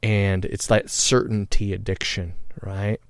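A middle-aged man telling a personal story in a halting, reflective way, pausing often and getting loud at tense points. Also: on the low side, no room sound, studio quality. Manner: halting, reflective, with many pauses and fillers; grows loud and excited when recounting tense moments.

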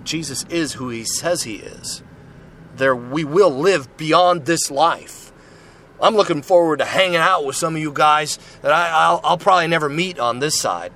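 A man's voice: a little high, normal speed, a bit bright. A man giving an informal Christian testimony, earnest and rambling, with many restarts and frequent "right?" and "you know". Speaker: Christian speaker sharing testimony. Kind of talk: informal preaching with personal testimony. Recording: noisy street with passing cars.

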